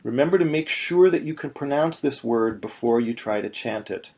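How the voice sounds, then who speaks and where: A man teaching Torah chanting in a video lesson, explaining step by step and chanting slow demonstrations. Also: mid-range voice, lively intonation, darkish tone.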